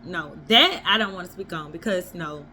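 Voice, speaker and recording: A woman's voice: on the low side, normal speed, bright, forceful tone, a little hiss or hum. A woman vlogger giving blunt, emphatic relationship advice in a casual monologue. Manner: blunt, emphatic, repeats herself for effect.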